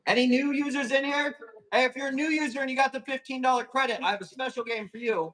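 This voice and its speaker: A man hosting a live plant auction stream, chatting casually and calling quick countdowns, with a casual swear here and there. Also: very high voice, fairly bright tone, poor audio. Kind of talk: livestream sales chat.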